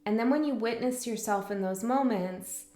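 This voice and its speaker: A woman's voice: a little high, normal speed, dark tone, echoey room. A woman giving a tarot reading in a rambling, reflective way, full of fillers and restarts. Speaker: tarot reader. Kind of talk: casual spiritual monologue.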